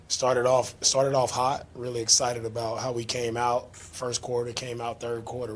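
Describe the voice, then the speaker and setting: A man's voice: mid-range voice, slight background noise. A man speaking as a head coach at a postgame press conference, praising his team and often adding "right?" to his points. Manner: praising, leans on "right?" tags.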